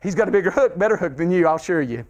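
A man's voice: sits high, expressive, rapid-fire, a crowd in the background. A man preaching a revival sermon in a church, fervent and repetitive, calling out to the congregation. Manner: fervent, calls out to the congregation, repeats phrases. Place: church sanctuary.

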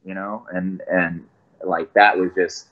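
A man's voice: deep voice, flat delivery, takes it slowly. Man, voice actor guest, enthusiastic storyteller, muffled lo-fi sound. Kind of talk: casual podcast interview.

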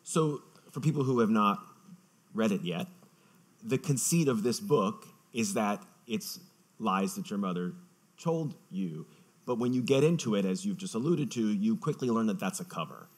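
A low, expressive male interviewer. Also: moderate pace. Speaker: interviewer, moderator. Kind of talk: onstage interview. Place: festival stage.

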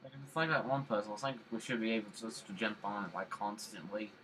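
Bright-voiced goofy gaming commentator. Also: male voice, fairly low pitch, fast talker, slight background noise, poor audio. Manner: goofy, rambling, repeats silly catchphrases. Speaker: gamer. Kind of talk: casual let's play commentary.

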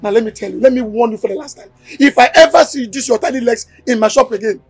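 A high-pitched, blustering shop owner with a Nigerian accent, mocking and threatening his worker. Soft music plays faintly under his voice in this film scene. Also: fast. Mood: angry. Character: harsh bullying male shop owner, threatening.

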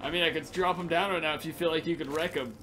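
Excitable high-voiced male gamer. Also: fast talker. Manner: excitable, joking, laughs a lot. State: tired, late at night. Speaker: gaming channel host. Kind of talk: casual gameplay commentary.

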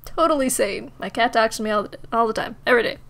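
A woman's voice: fairly high pitch, fast, gravelly, fairly bright tone. A young woman commenting while playing a horror game, giggly and joking. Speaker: gaming channel host. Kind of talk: let's play commentary.

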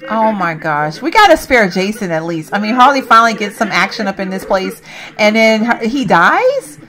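A woman commenting casually on her gameplay, chatty and reacting loudly to what happens, often calling out to viewers. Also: mid-range voice, big pitch swings, moderate pace. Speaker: gaming channel host.

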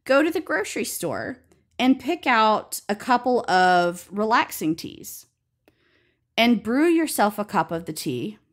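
A woman's voice: a little high, a little slow. Southern-accented woman explaining herbal teas. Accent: Southern US (Alabama). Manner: relaxed, chatty, laughs easily, says y'all. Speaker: herbalist guest. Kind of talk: conversational explanation.

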